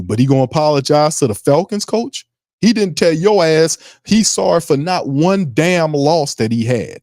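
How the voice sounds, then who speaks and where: A man's voice: medium pitch, lively intonation, normal speed, darkish tone, no echo, clean studio sound. Fired-up ranting New man. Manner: fired-up, ranting, profane, mocking impressions. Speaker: sports podcast host. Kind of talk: heated sports commentary stream.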